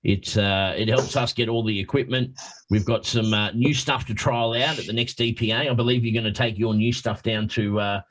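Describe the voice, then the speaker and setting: Excitable darts co-commentator. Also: male voice, mid-range voice, normal speed, low-quality recording. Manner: excitable, swears, teasing banter. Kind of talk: live sports commentary.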